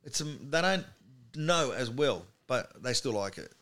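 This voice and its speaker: A middle-aged man with an Australian accent, a guest comedian chatting casually and telling animated stories. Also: medium pitch, unhurried. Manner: animated, slips into impressions of other people. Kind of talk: casual chat, storytelling.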